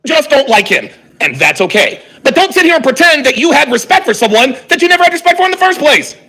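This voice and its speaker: A man's voice: extremely high pitch, quick pace. A man hosting a live reaction stream, commenting heatedly and profanely while reading viewer chat aloud. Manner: animated, exasperated, profane, reads chat aloud.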